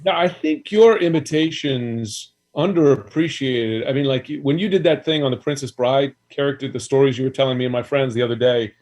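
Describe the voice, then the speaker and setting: A man's voice: medium pitch, darkish tone. Man chatting as a talk-show guest. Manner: conversational, quick with fillers. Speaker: guest, news anchor. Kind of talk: casual chat.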